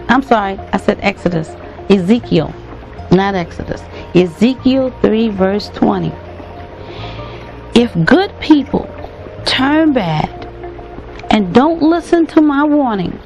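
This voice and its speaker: Woman preacher, slightly high voice, emphatic and repeating, faint music behind. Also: a little mellow. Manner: earnest, emphatic, repeats phrases for weight; calls out to the congregation directly. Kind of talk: sermon.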